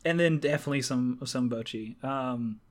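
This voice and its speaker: A man's voice: mid-range voice, normal speed. A young man co-hosting a podcast in casual chat, enthusiastic, laughing often and swearing casually. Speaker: podcast co-host.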